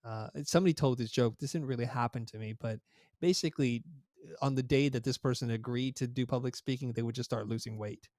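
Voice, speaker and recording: A middle-aged man recounts a personal story as a podcast guest, his medium-pitched voice reflective and unhurried. He acts out bits of remembered dialogue. The recording is close and dry, with no room echo. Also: a little mellow. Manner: reflective, anecdotal, retells dialogue. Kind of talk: interview storytelling.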